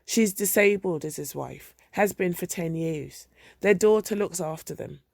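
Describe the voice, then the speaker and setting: A woman reading a dramatic monologue as a resentful middle-aged son, narrating in a wry, deadpan way. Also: lowish voice, a little slow, gravelly, dry recording, clean studio sound.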